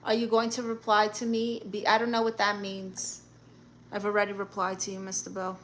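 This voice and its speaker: A woman's voice: medium pitch, completely flat delivery, normal speed, a bit bright, slight background noise. A woman hosting a casual live stream, reading viewer comments aloud and answering with blunt, sassy comebacks. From Puerto Rican and Guatemalan family.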